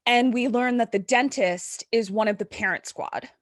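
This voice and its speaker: A woman's voice: a little high, normal speed, dry recording, clean studio sound. A woman podcaster animatedly recapping a horror episode at a live event, salting it with profanity and constant "like"s.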